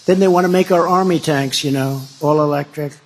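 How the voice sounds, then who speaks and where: A man's voice: a little high, brisk. Man giving a rambling campaign speech. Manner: rambling, repetitive, emphatic; builds to loud declarations. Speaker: political speaker at a rally.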